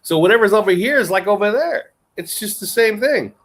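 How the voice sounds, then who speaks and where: A man with a Southern US accent, talking in an animated, rambling way in a casual chat. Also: high voice, a little fast. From United States. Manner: animated, rambling, laughs between points.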